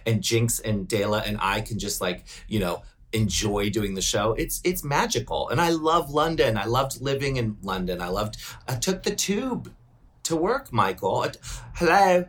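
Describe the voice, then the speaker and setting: A man's voice: medium pitch, expressive, normal speed, fairly bright tone. A middle-aged man hosting a podcast in casual chat, chatty and playful, laughing often and teasing his co-host.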